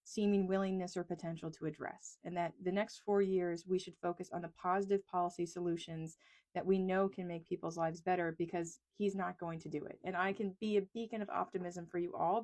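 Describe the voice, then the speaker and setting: A woman's voice: lowish voice, steady tone, fairly quick, a little mellow. A woman from East Texas, an economist, talking casually and frankly to camera, joking at her own expense, recorded in a small closet on a lapel mic. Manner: chatty, self-deprecating, frank. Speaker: economist and video creator. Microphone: lapel mic clipped on a pencil.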